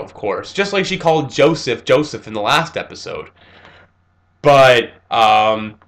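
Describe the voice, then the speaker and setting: Young male reviewer, slightly high voice, casual and animated recap. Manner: animated retelling with fillers and laughs. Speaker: anime reviewer.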